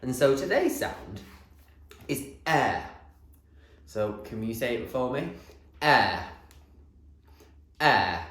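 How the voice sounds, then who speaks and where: A male primary teacher leads a phonics lesson for small children at an unhurried pace. His voice rises and falls a great deal as he sounds out letters and cheers the class on. The room has a noticeable echo. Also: medium pitch, very animated, a bit bright. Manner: slow, sing-song, encouraging, sounding out letters.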